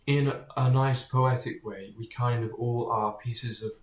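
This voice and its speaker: A man's voice: mid-range voice, steady tone, a little slow, a little hiss or hum. Rambling man in an echoey room. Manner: digressive, keeps drifting off topic, blunt and profane. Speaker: vlogger. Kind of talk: casual rambling monologue to camera.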